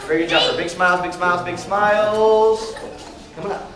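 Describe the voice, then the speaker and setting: A man presenting a live animal show to children, talking with them in lively call-and-response. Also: high voice, brisk. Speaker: animal educator. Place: large library room with a child audience. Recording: echoey hall, distant mic, crowd noise.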